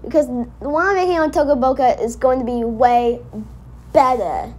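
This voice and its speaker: Brief: high-pitched woman, reaction host, indignant rambling rants aimed at the screen. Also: a little fast, darkish tone. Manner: indignant, rambling, talks back at the cartoon. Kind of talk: casual reaction commentary.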